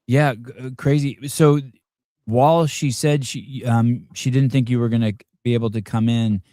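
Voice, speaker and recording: A man hosting a casual interview, asking questions in a halting way with frequent restarts and "um"s. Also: mid-range voice, steady tone, mellow. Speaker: podcast host.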